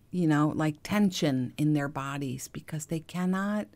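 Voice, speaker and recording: Low-voiced woman, gentle reflective monologue. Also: measured pace. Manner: gentle, confiding, often drops to a soft hush. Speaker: podcast host.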